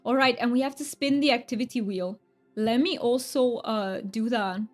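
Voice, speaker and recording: A woman's voice: fairly high pitch, moderate pace, faint music behind. A woman livestreaming a cozy game, chatting with her viewers in a bubbly, upbeat way and laughing often. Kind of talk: casual live-stream chat.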